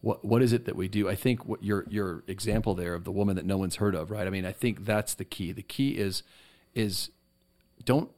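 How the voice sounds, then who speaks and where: A man's voice: fairly low pitch, fairly quick, darkish tone. A man who co-hosts a faith podcast and teaches at a seminary, speaking in an affirming, teacherly way. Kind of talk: casual chat.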